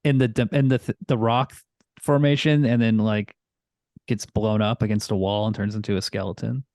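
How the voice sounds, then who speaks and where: A man's voice: on the low side, steady tone, moderate pace, a little mellow, dry recording, clean studio sound. A man co-hosting a film podcast, recapping the plot in a rambling way, full of fillers. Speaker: podcast co-host. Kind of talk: casual chat.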